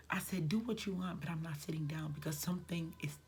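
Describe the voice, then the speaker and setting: A woman's voice: low-pitched, fast talker, slight background noise. A woman vlogger telling a personal story in a casual, conversational way, sometimes dropping to a near whisper.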